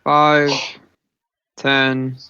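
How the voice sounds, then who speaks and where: A man playing a tabletop game, slowly counting out his moves and spells. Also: medium pitch, monotone, sharp tone, lo-fi sound, a little hiss or hum. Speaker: player. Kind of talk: casual tabletop play.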